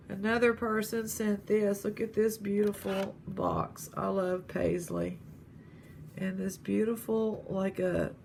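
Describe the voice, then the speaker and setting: A woman vlogging casually, gently thanking viewers as she opens gifts and admires jewelry. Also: medium pitch, creaky, slight background noise. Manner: gentle, appreciative, lingering over each gift. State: near tears, grieving. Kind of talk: casual vlog chat.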